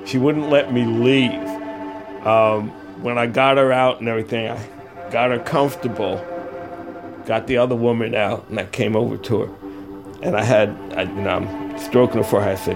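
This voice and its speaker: An older man from California telling a personal story, halting and reflective, with pauses and fillers. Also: medium pitch, fairly even intonation, vocal fry, music in the background. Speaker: eyewitness storyteller. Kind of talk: personal story told in interview.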